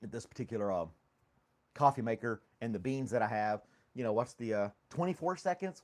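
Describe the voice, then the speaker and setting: A man's voice: medium pitch, expressive, fairly quick. A man hosting a casual coffee podcast from his home studio, chatty and laughing often as he reads chat and talks to his dog. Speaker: podcast host. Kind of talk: casual live-stream chat. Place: home studio with foam on walls.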